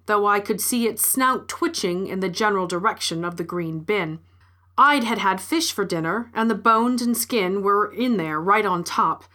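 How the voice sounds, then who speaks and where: A woman's voice: mid-range voice, sharp tone. A woman reading a first-person story aloud in a wry, scripted narration.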